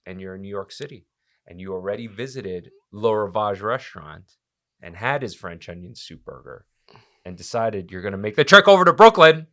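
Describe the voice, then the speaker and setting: A man in his thirties hosts a casual podcast. He is a chef who jokes and teases his co-host, and his voice is bright and forceful. It sits a little low in pitch. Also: expressive, normal speed. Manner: joking, teasing, upbeat. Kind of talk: casual chat.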